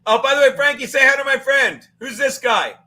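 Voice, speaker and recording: A man hosting a loose live show, joking loudly and swearing freely as he banters with guests. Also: very high voice, a little fast. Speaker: host.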